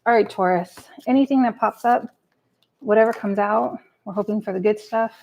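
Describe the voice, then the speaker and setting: A tarot reader pulls cards at her home table with a cat nearby, chatting casually, muttering to herself and swearing freely during a live reading. Her mid-range voice moves at a normal speed, gravelly and a little mellow. The rough recording carries a little hiss or hum.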